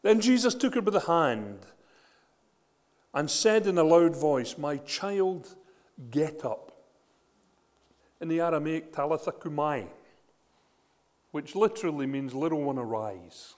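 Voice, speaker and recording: A man preaching a sermon, retelling scripture with animated storytelling and frequent rhetorical questions. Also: a little high, measured pace, pauses often, in a large hall.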